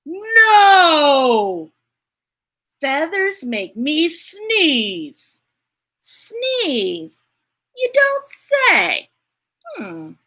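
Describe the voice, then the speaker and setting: A woman reading picture books aloud to children in a playful, expressive way, asking her listeners questions. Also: high voice, extremely slow. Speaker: storytime reader.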